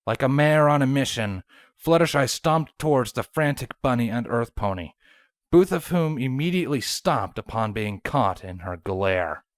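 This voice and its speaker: A woman narrating a fanfiction story with an expressive reading. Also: rumbling low, moderate pace, no echo, studio quality. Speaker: fanfiction reader.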